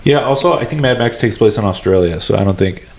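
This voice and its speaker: Joking young man, low voice. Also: lively intonation, fast talker, darkish tone, a little hiss or hum. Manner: joking, crude banter. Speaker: podcast co-host. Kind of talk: casual chat.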